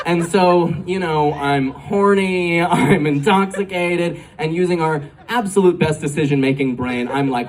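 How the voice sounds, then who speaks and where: A man's voice: high voice, normal speed. A man in his twenties doing a stand-up comedy set, telling a rambling story full of "like" and frequent giggles. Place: comedy club stage. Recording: distant live club recording, faint room noise.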